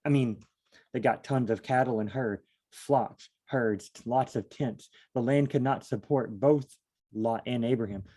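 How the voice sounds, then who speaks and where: Man hosting a casual Bible study, mellow tone, rambling and self-deprecating. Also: medium pitch, measured pace.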